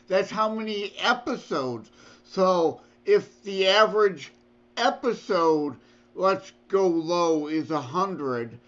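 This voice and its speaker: A man co-hosting a podcast, with a high voice and an unhurried, slow delivery. He works through numbers out loud in easy conversation, and the audio sounds dull and lo-fi. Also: expressive. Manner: reasoning aloud through numbers. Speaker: podcast co-host. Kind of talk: casual podcast chat.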